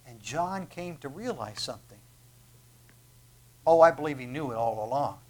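A man preaching a sermon, emphatic and full of rhetorical questions, dropping to a hush and then building to loud, drawn-out declarations. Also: lively intonation, a little hiss or hum. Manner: emphatic, swings from hushed to booming, rhetorical questions.

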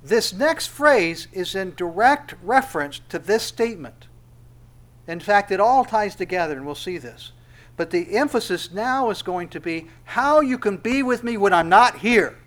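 A man preaching a sermon verse by verse, dropping to a soft, hushed tone and then rising to loud, emphatic stress, slowing down on scripture phrases. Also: high voice, animated. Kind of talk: expository sermon.

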